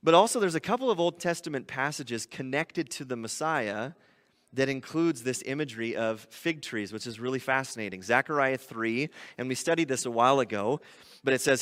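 Walking his congregation through scripture in a conversational expository sermon, this pastor keeps asking rhetorical questions. His fairly high voice is animated and a bit bright, moving at a moderate pace, and a long reverb tail trails each phrase.

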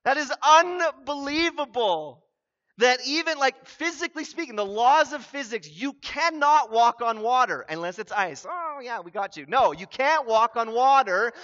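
A man preaching a sermon as a pastor, animated and building to emphatic exclamations. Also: very high-pitched, a little slow, highs cut off.

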